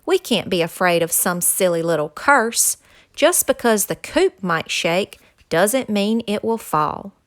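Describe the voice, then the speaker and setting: A woman's voice: medium pitch, expressive, a little slow, natural voice. A woman voicing a proud gamecock rooster who talks in an emphatic, scolding way. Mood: firm.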